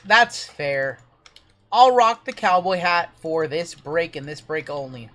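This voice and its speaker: A man's voice: a little high, fairly bright tone. Chatty man hosting a card break stream. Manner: chatty, reading name lists quickly.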